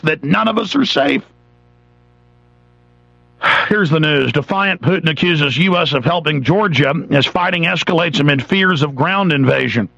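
A man's voice: fairly high pitch, vocal fry, sharp tone, no room sound. A man, hosting a radio show, delivers an angry, sarcastic political rant, sometimes mocking the voices of others. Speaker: radio host. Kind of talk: ranting political talk radio monologue. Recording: dull lo-fi radio broadcast.

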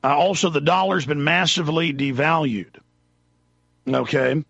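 A man's voice: a little high, moderate pace, creaky, a bit bright, husky, no echo, lo-fi sound. A man hosting a call-in radio talk show, rambling and losing his train of thought as he goes.

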